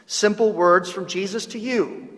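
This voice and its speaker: A man with a Southern US accent preaching a sermon as pastor, swinging from loud emphatic declarations to hushed, near-whispered lines. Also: high voice, measured pace, big-room sound.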